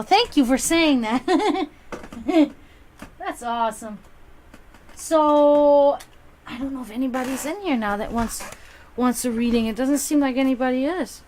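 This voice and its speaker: A bubbly woman who is half German, half Serbian speaks with a German accent carrying a slight Slavic touch. She's a psychic reader hosting a casual livestream chat, chatty and quick to swing in pitch and loudness, with slight background noise.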